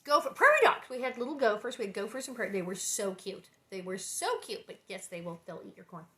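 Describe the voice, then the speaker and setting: A woman's voice: mid-range voice, lively intonation, quick pace, bright, forceful tone. A woman reading a children's book aloud with gushing, giggly asides. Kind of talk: storybook reading with chatty asides.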